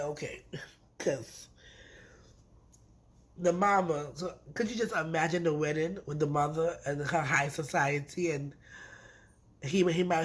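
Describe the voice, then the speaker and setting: A woman giving a casual recap of a reality TV episode, talking in an animated, emphatic way and repeating words for effect. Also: sits low. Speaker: reality TV reviewer.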